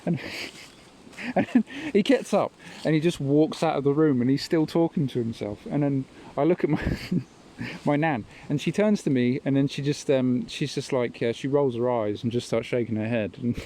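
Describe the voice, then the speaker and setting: A man's voice: medium pitch, moderate pace, dark tone, slight background noise, rough recording. A man hosting a podcast, telling stories in a rambling, casual monologue and chuckling at his own tales. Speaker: podcast host.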